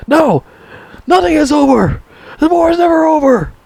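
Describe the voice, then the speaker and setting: A man mimicking an enraged male soldier, yelling in a high, strained shriek. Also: expressive, moderate pace, vocal fry, no echo, full character voice. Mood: screaming.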